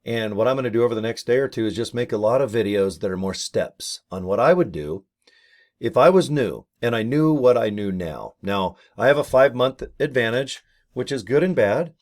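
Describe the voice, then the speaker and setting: A man's voice: mid-range voice, animated, moderate pace. A middle-aged man casually vlogging to his webcam, rambling and cracking jokes. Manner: joking, rambling, slips into silly voices for bits. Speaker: network marketing vlogger. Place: home office with ring light.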